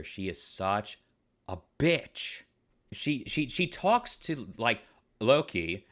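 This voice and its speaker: A man's voice: medium pitch, pushed and bright. A man giving an exasperated review rant, firing off one rhetorical question after another. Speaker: online reviewer. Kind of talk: ranting episode review.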